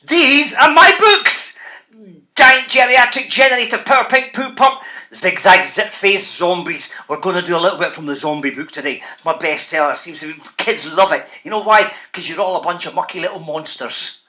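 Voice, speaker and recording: Scottish guy doing a fun book talk for schoolkids, bright voice, really bouncy. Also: high voice, a little fast. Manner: bouncy, playful, calls out to the kids. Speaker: children's author presenting a reading show. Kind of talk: lively talk to school classes.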